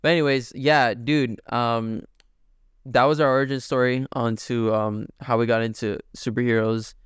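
A man's voice: medium pitch, steady tone, moderate pace, clean tone, no room sound. Chatty man on a dry close mic. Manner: loose and chatty, lots of fillers. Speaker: podcast co-host. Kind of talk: casual chat.

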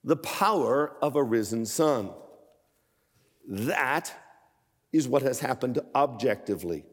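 A man's voice: mid-range voice, lively intonation, slow pace, breathy edge. Older guy in his 60s giving a sermon, gets fired up and emphatic, big echoey church sound. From Pennsylvania. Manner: builds to impassioned emphatic preaching. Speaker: guest preacher.

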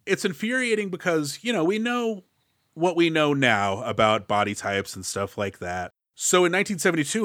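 A man co-hosting a casual movie podcast, opinionated and sarcastic, tossing in quick impressions. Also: on the high side, sing-song, fairly bright tone, dry recording, studio quality. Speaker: podcast co-host. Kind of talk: casual movie review banter.

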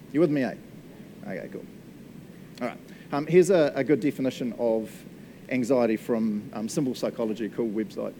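Kiwi pastor guy preaching casual, jokes and laughs a lot, keeps asking "eh?", mid-pitched, faint rumble behind. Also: mellow. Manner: chatty, jokey, laughs often, asks the room "eh?". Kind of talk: casual sermon.

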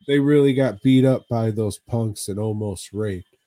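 A man's voice: fairly low pitch, measured pace, mellow, no room sound. A man co-hosting a podcast, recapping a horror movie in casual chat, swearing often and rambling. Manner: profane, rambling, drawling recap. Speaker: podcast co-host.

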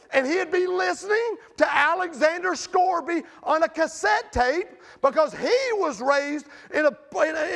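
A man preaching a sermon with passion, swinging between loud outbursts and hushed storytelling. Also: extremely high pitch, vocal fry.

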